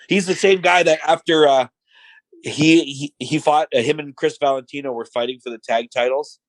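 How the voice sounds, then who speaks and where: Middle-aged guy telling a story, lots of "like" and "you know", bit high voice, dry close mic. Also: normal speed, dry recording, poor audio. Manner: animated storyteller who acts out quotes in voices; filler-heavy, says "like" and "you know" often. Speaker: podcast guest. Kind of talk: casual storytelling chat.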